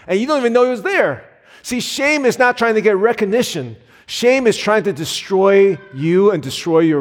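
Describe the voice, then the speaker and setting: Earnest high-voiced male preacher. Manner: earnest, conversational preaching with frequent fillers. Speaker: pastor. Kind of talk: sermon. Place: church sanctuary. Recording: long hall reverb.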